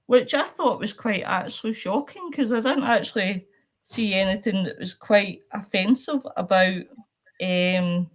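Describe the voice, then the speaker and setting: A woman's voice: medium pitch, a little slow. A woman from Scotland co-hosting a casual live-stream chat about films over a home video call. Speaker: co-host of a film chat stream.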